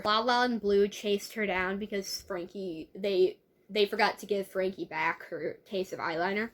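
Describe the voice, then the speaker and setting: A woman's voice: mid-range voice, fairly even intonation, normal speed. A young woman reading a novel aloud and commenting on it, chatty and wry, often stumbling and correcting herself. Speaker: book reader and reviewer. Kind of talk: casual read-aloud with asides.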